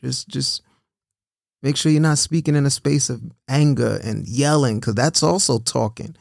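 A man's voice: mid-range voice, normal speed, creaky, no echo, clean studio sound. A man giving casual, earnest encouragement, often repeating himself and checking in with "right?".

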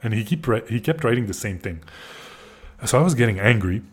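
A man's voice: on the low side, fairly quick, husky. A man casually telling a story on a podcast, swearing often and restarting his sentences as he gets worked up. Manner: profane, excitable, frequent restarts. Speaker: podcast host.

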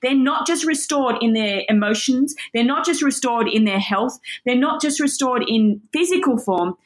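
A woman's voice: fairly high pitch, moderate pace. Tearful, earnest woman teaching scripture. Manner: emotional, moved to tears, earnest. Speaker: Bible teacher. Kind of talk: teaching on a Bible passage.

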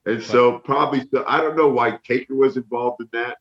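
A middle-aged man from the northern United States telling animated stories as an interview guest, acting out what others said. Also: mid-range voice, a little fast, echoey room. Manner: animated storyteller, acts out quotes. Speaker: interview guest, former wrestler. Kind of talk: casual storytelling. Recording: dull lo-fi sound.

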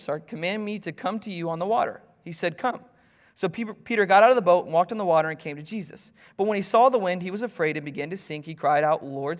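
A man preaching a sermon from a church stage, lively and joking with the congregation between scripture readings. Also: high voice, long reverb tail. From Florida, US. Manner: animated, jokey asides to congregation. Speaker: pastor. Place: church stage, large hall.

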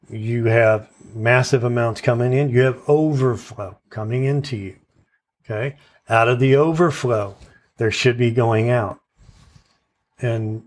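A man's voice: mid-range voice, darkish tone. Earnest male preacher. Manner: earnest, repeats "okay?" to check in with listeners; stresses verse words in turn as he recites. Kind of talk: sermon.

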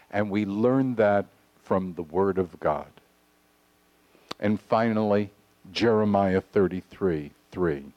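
A man preaching a sermon to his congregation, earnest and deliberate, reading scripture aloud. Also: lowish voice, a little mellow. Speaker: pastor. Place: congregation hall.

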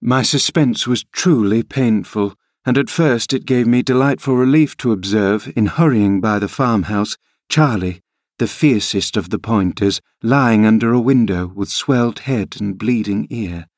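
A man narrating an audiobook in a measured storytelling manner. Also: lowish voice, a little mellow, no echo, studio quality. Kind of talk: audiobook reading.

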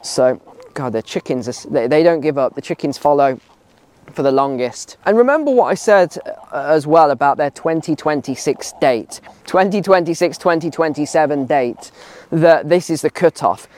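A man's voice: fairly high pitch, animated, moderate pace, darkish tone. A man talking outdoors on a walk, giving emphatic opinions and repeating phrases for stress. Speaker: video commentator. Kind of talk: casual opinion vlog while walking.

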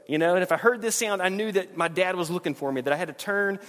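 A middle-aged male pastor gives a sermon with a fairly high voice. He talks to the congregation like it's a conversation and stumbles over repeated words when he's emphatic. The sound carries a long reverb from a large church hall. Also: fast, a bit bright.

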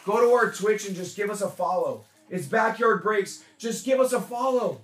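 A man hosting a live card-break stream, hyping pulls with rapid, repeated shouted exclamations. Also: high voice, animated.

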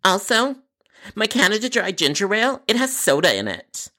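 A woman's voice: mid-range voice, sing-song, normal speed, bright, forceful tone. A woman playing an angry, entitled customer on the phone, complaining in a whiny, indignant way.

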